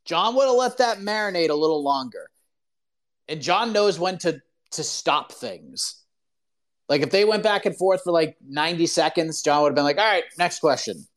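A man hosting a live call-in show, ranting in an animated, opinionated way full of "like" fillers. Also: fairly high pitch, normal speed. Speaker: podcast host.

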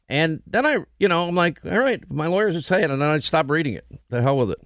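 Blunt, animated man, dry studio sound. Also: on the high side, fast talker, hardly any pauses, no room sound. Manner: blunt, animated storytelling with quoted asides. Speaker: radio and TV host. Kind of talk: casual on-air banter.

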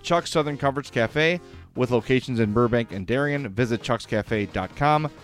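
Faint music plays behind a man of medium pitch speaking at a moderate pace. He's a podcast host chatting enthusiastically about hockey and reading sponsor plugs, sometimes getting choked up.

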